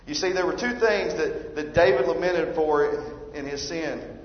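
Man preaching a sermon, fairly high voice, roomy church reverb, dull lo-fi sound. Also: unhurried, hardly any pauses. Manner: emphatic preaching, rising loud on scripture. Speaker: pastor.

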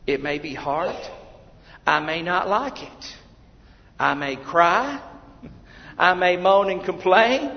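A high-voiced man with a gravelly edge preaches slowly and fervently, building to shouts and then dropping to hushed asides. His sermon rings through a church sanctuary with a long hall echo, on a dull, lo-fi recording. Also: sing-song. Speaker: pastor.

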